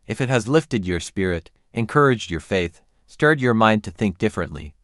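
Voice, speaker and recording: A man's voice: deep voice, no room sound, clean studio sound. A man reading a scripted outro for the channel, earnestly thanking viewers.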